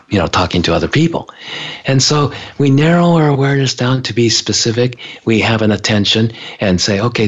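A man's voice: fairly low pitch, husky. A man teaching in a casual talk, acting out people's inner voices as he explains. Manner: animated, acts out inner voices. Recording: dull lo-fi sound.

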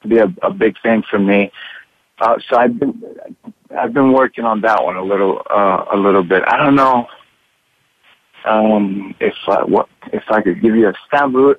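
An actor being interviewed by phone from his room, talking haltingly with many restarts and repeated words. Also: medium pitch, no echo. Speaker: actor guest. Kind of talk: candid interview over the phone. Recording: tinny dry phone line.

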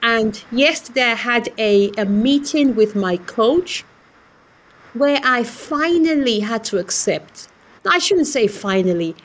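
Female guest sharing a personal story, measured and reflective, voice pitched fairly high. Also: a bit bright. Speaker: podcast guest, CEO.

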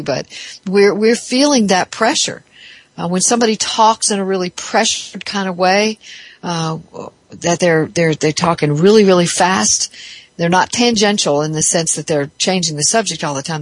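A therapist talks through ideas in a thoughtful, explaining way, often stopping to restart a phrase. The voice sits at an ordinary middle pitch. The sound is close and dry, with no room echo. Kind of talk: reflective spoken talk on psychology.

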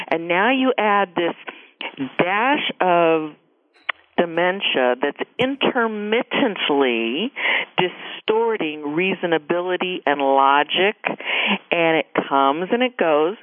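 A middle-aged woman, a guest author and caregiver, telling her story in a radio interview with emphatic, animated delivery and acted-out quotes. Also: on the low side, no echo. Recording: dry tinny phone line.

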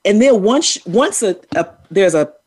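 A middle-aged woman, co-hosting a casual chat, animated and quick to laugh and tease. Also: mid-range voice, slightly rough. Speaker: co-host.

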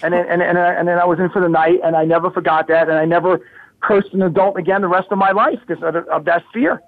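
Fast-talking man on a tinny phone line. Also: high-pitched, no echo. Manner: animated, repeats words as he tells. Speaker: guest. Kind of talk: casual storytelling.

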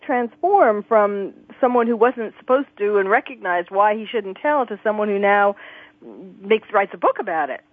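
A woman's voice: medium pitch, animated, moderate pace, no room sound. Hesitant woman hosting a radio talk show. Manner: hesitant, many fillers, laughs easily. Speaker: talk show host, psychiatrist. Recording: tinny phone-like, dry sound.

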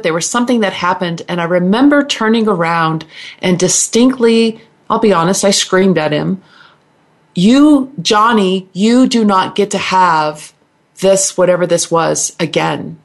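Earnest middle-aged woman, low voice. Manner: earnest, halting, with restarts and repeated words. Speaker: guest healer and naturopath. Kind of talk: personal story on a radio interview.

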